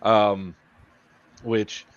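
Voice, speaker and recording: Lower-pitched man, rambling podcast host. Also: little pitch movement, drawn-out words. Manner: rambling, swearing, laughing storyteller. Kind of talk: casual group chat. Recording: muffled lo-fi podcast audio.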